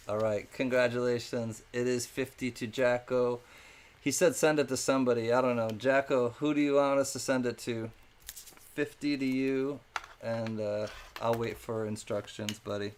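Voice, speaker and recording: A man's voice: medium pitch, fairly even intonation, normal speed. Chatty male live-stream auctioneer. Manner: chatty, thanks viewers by name, drops into sing-song calls.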